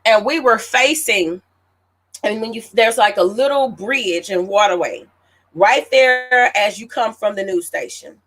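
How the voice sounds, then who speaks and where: A woman's voice: mid-range voice, a little slow. A woman in her late thirties, an author, telling a story casually and animatedly to her audience. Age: late 30s. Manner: animated, chatty, addresses listeners as y'all. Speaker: author hosting her own celebration.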